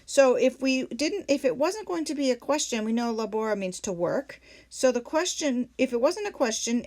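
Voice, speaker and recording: A woman's voice: fairly high pitch, animated, normal speed, a little mellow. A woman teaching a Latin grammar lesson, walking through examples patiently and answering her own questions. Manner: patient, step-by-step, asks questions then answers them. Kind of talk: classroom lesson walkthrough.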